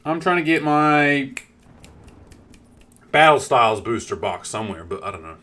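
Male streamer, bright voice, lively pitch, casual storytelling, swears a lot. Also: normal speed. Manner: animated, swears freely, talks straight to chat.

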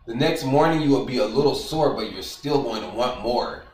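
A man streaming, reading texts aloud and commenting in an emphatic, animated way, often repeating his points. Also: mid-range voice, moderate pace, hardly any pauses, far from the mic. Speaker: streamer reacting to news. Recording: roomy, away from the mic.

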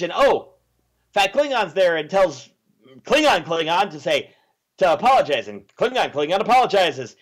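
A man hosts a casual movie review chat, sarcastic and scornful of the plot. His voice sits high for a man. He keeps mocking the characters as he goes. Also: fairly bright tone. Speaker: podcast host.

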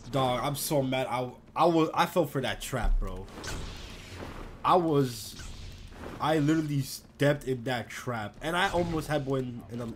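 A young man giving casual, profanity-heavy commentary while playing a video game, swinging from low muttering to sudden loud outbursts. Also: a little slow, slight background noise. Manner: swings from mumbling to yelling, heavy swearing. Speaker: gamer. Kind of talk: live gameplay commentary.

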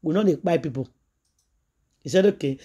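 A woman's voice: sits low, expressive, moderate pace, mellow, slightly rough. A woman with a Nigerian accent, a vlogger telling a story to her followers in an emphatic way and acting out the quoted voices.

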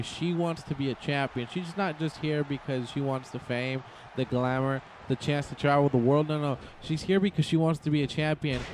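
A man giving excited, rambling play-by-play commentary over a wrestling video game, jumping into sudden shouts. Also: medium pitch, slight background noise. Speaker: gameplay commentator.

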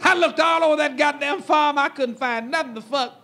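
Loud, shouting high-voiced male comedian. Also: a little fast, vocal fry. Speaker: stand-up comedian. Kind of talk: raunchy stand-up storytelling.

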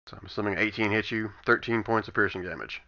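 A man's voice: fairly low pitch, quick pace, sharp tone. A man running a tabletop game online as game master, wry and amused as he narrates the monsters' turns. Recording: dull lo-fi voice chat audio.

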